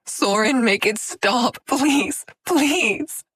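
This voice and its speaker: A young woman shrieking and sobbing in pain, high and loud, dead dry sound. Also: very slow, breathy edge, no echo, heavily acted. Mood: panicked sobbing. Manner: screaming, sobbing, gasping. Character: panicked young woman in magical agony.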